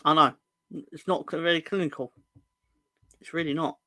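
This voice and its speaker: A man's voice: a little high, steady tone, moderate pace, pushed and bright, no echo. A young man hosting a fan channel live stream, bantering with the chat in a rambling, jokey, sweary way.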